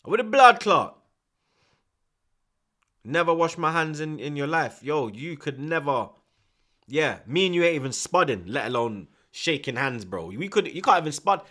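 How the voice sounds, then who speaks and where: A young man streaming a football watchalong, loud and excitable, full of slang and swearing. His voice is bright and forceful, and it leaps all over the place as he talks to his chat. He breaks into laughter often. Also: on the high side, normal speed. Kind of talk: live watchalong commentary and chat.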